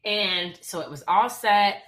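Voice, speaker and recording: A young woman co-hosting a podcast, telling a personal story in casual, animated chat. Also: medium pitch, slow. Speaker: podcast co-host.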